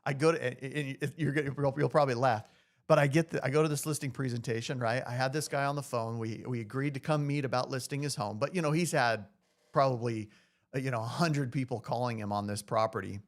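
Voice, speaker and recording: Real estate agent guest, male, mid-pitched and gravelly, loose chatty storyteller. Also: quick pace. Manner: animated, chatty, says "dude" and "you know". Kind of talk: casual storytelling.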